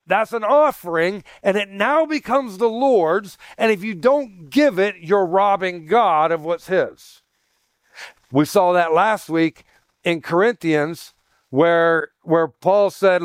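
A man's voice: sits high, expressive, unhurried, dry recording, studio quality. A man preaching a sermon as pastor, teaching in a chatty way, calling his listeners "guys" and often restarting his sentences.

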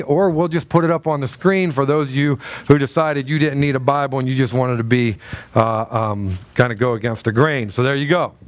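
A man's voice: mid-range voice, no room sound. A male pastor preaching a sermon to a congregation, emphatic, with many fillers and restarts, in a church.

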